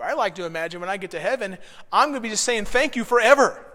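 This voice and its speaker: A man leading a devotional Bible study, earnest, moving between hushed reflection and excited praise. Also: high-pitched, brisk, long reverb tail. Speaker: pastor.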